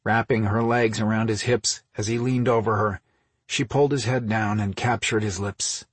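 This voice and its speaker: A man narrating an audiobook in a steady, unhurried reading, close on the microphone. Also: fairly low pitch, slightly rough, dry recording. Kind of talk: scripted narration.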